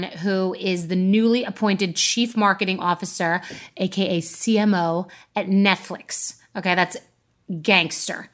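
A woman's voice: medium pitch, fairly even intonation, unhurried, a bit bright, soft background music. A woman hosting a podcast, telling a brash, profane story before she interviews a guest. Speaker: podcast host.

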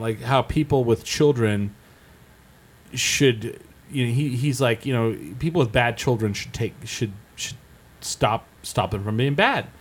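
Animated male podcast host. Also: medium pitch. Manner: animated storyteller, acts out quotes in raised voices. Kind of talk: casual chat.

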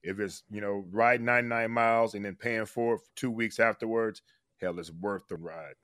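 A man giving a casual radio interview as a guest, earnest and heartfelt, his voice dropping softer on serious points. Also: on the low side, fairly even intonation, brisk, no echo, clean studio sound. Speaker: guest, former player.

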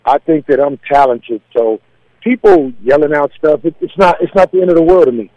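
A man's voice: on the high side, sing-song, brisk, creaky, no echo, lo-fi sound. A man, a comedian, talking casually in an interview, confident and laid-back as he tells stories. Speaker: comedian guest.

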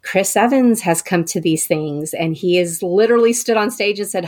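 Young woman, casual storytelling, lots of ums, animated. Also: normal speed. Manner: animated, many fillers, acts out quotes in a higher voice.

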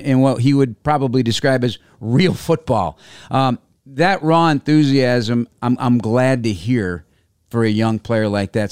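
A man's voice: medium pitch, clean tone, dry recording, studio quality. A man interviewing a coach, asking long, winding questions.

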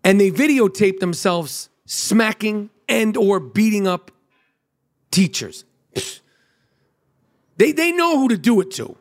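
Foul-mouthed hyped-up man with a high voice. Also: sing-song, slow, pauses often. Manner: profane, hyped, riffing. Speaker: podcast host. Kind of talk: comedic podcast monologue.

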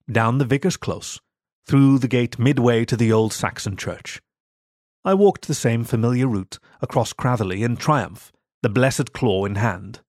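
A man's voice: fairly low pitch, no echo. Man narrating a story, dry sound. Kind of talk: scripted first-person story narration.

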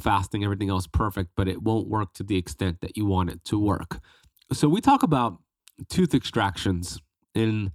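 A man's voice: lowish voice, darkish tone, no echo. A man hosting a podcast, introducing the episode with enthusiasm while congested from a head cold. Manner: enthusiastic, upbeat. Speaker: podcast host.

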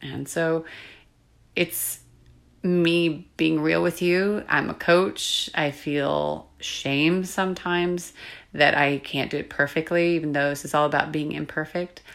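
A woman's voice: deep voice, slow pace, creaky. A woman coach talking alone in a reflective, confiding way, sometimes dropping to a whisper. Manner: soft-spoken, confiding, drifts into whispers. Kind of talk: reflective solo podcast monologue.

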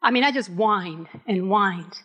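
A middle-aged woman pastor from Puerto Rico, preaching a candid sermon with personal stories and emphatic, drawn-out phrases. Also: mid-range voice, lively intonation, fairly bright tone, breathy edge. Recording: reverberant hall.

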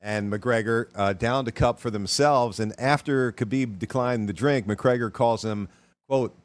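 Brief: male co-host, brisk wry sports news delivery, mid pitch, dry studio. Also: no room sound.

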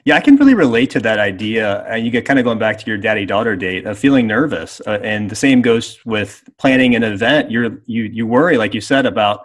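A man's voice: fairly low pitch, fairly quick, hardly any pauses. A man hosting a conversational interview, asking questions and giving short affirmations. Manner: relaxed questioner, brief affirmations. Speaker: interview host.

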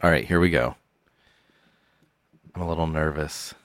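A man co-hosting a comedy podcast, telling stories in a low-key, deadpan way. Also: normal speed, very noisy. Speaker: podcast co-host. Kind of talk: casual comedic chat.

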